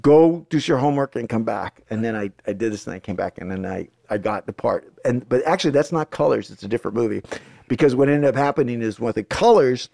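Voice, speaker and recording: Gravelly-voiced man telling a lively story. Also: mid-range voice, fast, no room sound, studio quality. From United States. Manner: animated storyteller, acts out quoted voices, swears freely. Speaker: guest actor. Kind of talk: casual storytelling.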